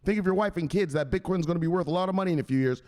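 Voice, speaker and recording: A man's voice: high-pitched, rapid-fire, darkish tone, pitched above the performer's own voice, lightly acted. A man voicing a menacing male enforcer who scolds and barks commands at a frightened investor. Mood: bossy. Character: menacing male crypto enforcer, bullying and bossy.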